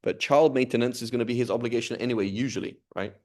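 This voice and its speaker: A man's voice: medium pitch, fast talker, a little mellow. A man teaching an informal class, talking conversationally and often checking in with the students. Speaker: Islamic studies teacher.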